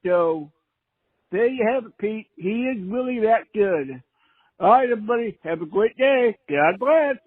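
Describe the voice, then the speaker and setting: A man calls in with a very high, husky voice, polite and a little rambling. It comes through a dry, tinny phone line. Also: animated, measured pace, dry recording. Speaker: caller.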